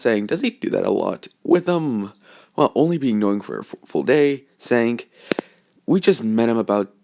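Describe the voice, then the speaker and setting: A man's voice: fairly low pitch, vocal fry, darkish tone. A young man narrating a fan story off the cuff, rambling with many fillers and self-corrections.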